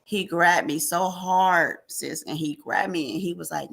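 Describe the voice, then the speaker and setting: A woman with a lowish voice shares a heartfelt personal testimony in an interview. She tells it in lively storytelling, acting out what others said to her. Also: moderate pace, gravelly, hardly any pauses, husky. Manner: animated storyteller, acts out quoted dialogue. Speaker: podcast guest.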